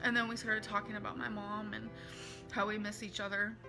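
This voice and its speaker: A woman's voice: medium pitch, level tone, brisk, music in the background. A woman in a confessional vlog, earnest and emotional, reading out messages and talking them through. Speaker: vlogger.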